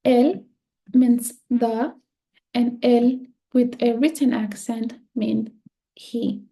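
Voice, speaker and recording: Woman, language teacher, fairly high voice, gravelly fry, pauses and fillers. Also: steady tone, mellow. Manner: slow and careful, with many pauses and fillers. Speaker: Spanish teacher. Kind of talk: explaining a grammar lesson.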